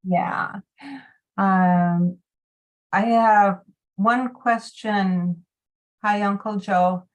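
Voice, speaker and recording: A woman checks in with her support group over a video call. She talks slowly and politely, with a hesitant edge as she asks her question. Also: medium pitch, steady tone.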